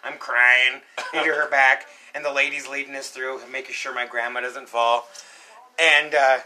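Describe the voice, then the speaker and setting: Bright-voiced young man telling stories. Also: medium pitch, normal speed, rough recording. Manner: animated storyteller, acts out shouts and quotes. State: coughing. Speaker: podcast co-host. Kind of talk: casual storytelling chat.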